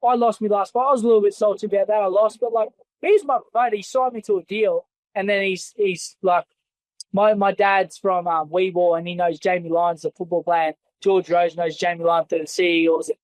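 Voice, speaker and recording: A man's voice: high-pitched, steady tone, fairly quick, dry recording, low-quality recording. An Australian man, a former fighter, telling stories in an interview in a blunt, rambling and heavily profane way. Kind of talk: casual interview storytelling.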